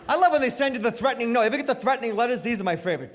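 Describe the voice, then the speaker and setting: A middle-aged man performing a stand-up comedy set with animated, punchy storytelling, recorded live on stage. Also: extremely high pitch, racing, few pauses. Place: comedy stage before an audience. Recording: live hall with reverb, faint noise.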